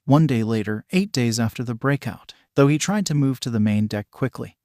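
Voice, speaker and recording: Male storyteller, medium pitch, steady narration, dry close mic, no room sound. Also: normal speed, no room sound. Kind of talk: fan fiction read-aloud.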